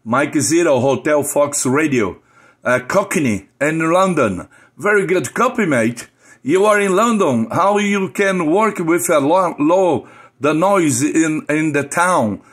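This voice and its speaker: Older man, ham radio operator, fairly high voice, friendly, repetitive, call-sign alphabet. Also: animated, slow pace, fairly bright tone, breathy edge. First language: Portuguese. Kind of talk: on-air amateur radio contact.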